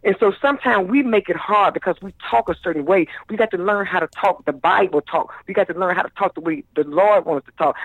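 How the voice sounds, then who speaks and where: His high voice has vocal fry and a fairly bright tone, with no echo, as he phones in to a radio show. He's a guest minister preaching in a fervent cadence and calling his listeners "baby," all over a tinny telephone line.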